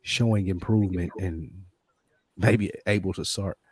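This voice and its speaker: A man's voice: sits low, steady tone, a little slow, darkish tone, husky, dry recording. Blunt, opinionated man, dry sound. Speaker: sports podcast co-host. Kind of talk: casual sports chat.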